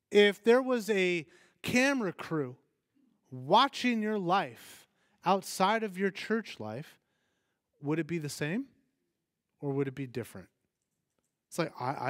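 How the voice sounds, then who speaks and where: Animated man preaching, dry sound. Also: high-pitched, dry recording. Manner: animated, asks the congregation questions, acts out quoted voices. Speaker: pastor. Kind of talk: conversational sermon.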